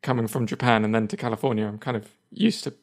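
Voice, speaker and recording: A man's voice: medium pitch, steady tone, fast. An English man co-hosting a podcast in casual chat, hesitant and given to repeating words. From England. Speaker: podcast co-host.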